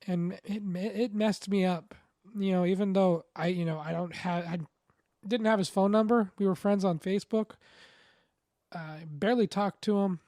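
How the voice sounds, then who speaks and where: A woman co-hosting a casual podcast, speaking plainly with deadpan wisecracks. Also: medium pitch, moderate pace, dry recording, studio quality. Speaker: podcast co-host. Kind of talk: casual chat.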